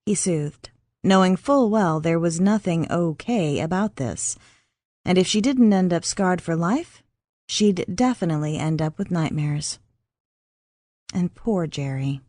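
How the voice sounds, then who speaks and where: A woman narrating an audiobook in a measured, even reading. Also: on the low side, no room sound, studio quality. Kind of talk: scripted narration.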